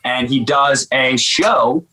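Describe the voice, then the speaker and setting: A man's voice: medium pitch, slow, sharp tone, low-quality recording. A man hosting a casual interview, asking loose questions full of fillers and curse words. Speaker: interview host.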